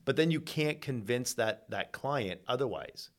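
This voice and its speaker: A man, a mortgage agent guest on a podcast, talking in an easygoing, measured way with dry humor. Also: medium pitch, lively intonation. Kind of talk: casual chat.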